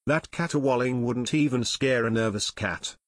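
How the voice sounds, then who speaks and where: A man's voice: medium pitch, normal speed, dry recording, close to an everyday voice. A stout, cheerful teenage boy who loves his food, read by a male narrator, joking and scoffing. The audiobook recording is dry and close.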